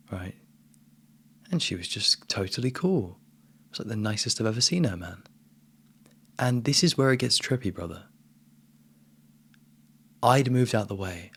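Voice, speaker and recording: A man giving a casual spiritual monologue as a coach, relaxed and emphatic, often calling the listener "man". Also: fairly low pitch, creaky, breathy edge.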